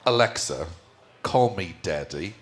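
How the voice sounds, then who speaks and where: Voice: deep voice, animated, a little slow, slight background noise. A performer playing a nervous husband who dodges his wife, flustered and mumbling in an improv comedy scene.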